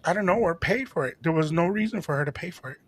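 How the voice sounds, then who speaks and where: A middle-aged man co-hosting a radio show, telling a story in a lively way and acting out the voices of the people in it. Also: a little high, fast. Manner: animated, acts out quoted voices, mixes in Spanish phrases. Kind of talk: casual storytelling chat.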